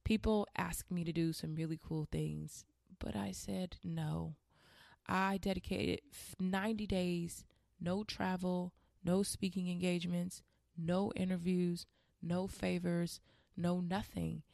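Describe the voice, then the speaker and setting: A woman's voice: on the low side, flat delivery, slow pace, creaky, darkish tone, no echo, studio quality. A woman in her thirties hosting a podcast, telling a personal story in a candid, chatty monologue and speaking straight to her listeners. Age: 30s. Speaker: podcast host.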